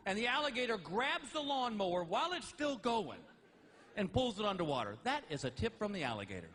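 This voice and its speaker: A man doing stand-up comedy, telling animated stories with exasperated outbursts. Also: high-pitched, a little fast.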